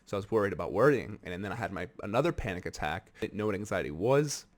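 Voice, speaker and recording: A young American man in his twenties telling his own story in an earnest, animated way, casual vlog talk. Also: on the low side, rapid-fire. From United States. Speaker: vlogger. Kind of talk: candid personal vlog talk.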